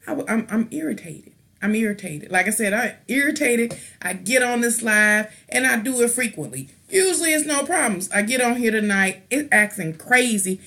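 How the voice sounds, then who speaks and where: With a medium-pitched, fairly bright voice, a woman hosting a tarot live stream rants in an irritated, rambling, blunt manner. She's an adult with children, and her talk is full of restarts and casual slang.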